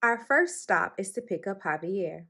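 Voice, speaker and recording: A woman reads a children's picture book aloud at a storytime session. Her voice sits at a middle pitch and stays steady through the narration. She lifts it brightly whenever a character speaks. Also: measured pace. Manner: expressive, lifts her voice high for the characters' lines. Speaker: storytime reader.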